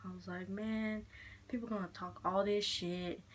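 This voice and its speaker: A young woman vlogging a casual makeup chit-chat at home, frank and foul-mouthed, a little hoarse from being sick. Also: medium pitch, steady tone, measured pace. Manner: chatty, frank, swears a lot. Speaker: beauty vlogger. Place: room at home with poor lighting. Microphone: handheld mirror in one hand, camera fixed.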